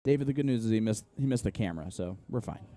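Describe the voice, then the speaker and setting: A man's voice: fairly low pitch, animated, fast, warm tone. A man from Indiana with an Indiana accent giving casual, analytical play-by-play commentary on a live darts match.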